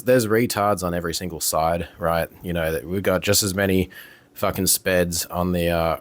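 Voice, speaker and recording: A man's voice: deep voice, no echo. A man ranting casually to his camera, heated and profane, repeating himself with lots of fillers. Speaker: vlogger. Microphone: camera mic.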